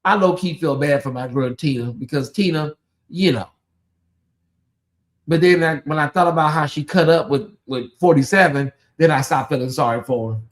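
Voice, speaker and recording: A high-voiced man runs a late-night gossip livestream in a loose, chatty way. He talks straight to his viewers and breaks off into animated asides, with a lilt. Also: moderate pace. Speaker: livestream host.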